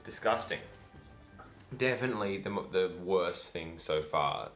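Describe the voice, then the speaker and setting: A man with a very low voice reviews snacks on camera in a casual, rambling way. He is dry and self-deprecating, with plenty of ums and likes. Faint music plays underneath. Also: expressive, unhurried, a bit bright. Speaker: food vlogger. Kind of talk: casual food review vlog.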